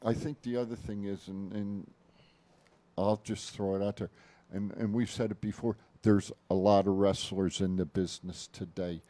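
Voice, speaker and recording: A man's voice: fairly low pitch, fairly even intonation, normal speed, warm tone. A man co-hosting a podcast in casual chat, joking and emphatic, often repeating himself. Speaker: podcast co-host.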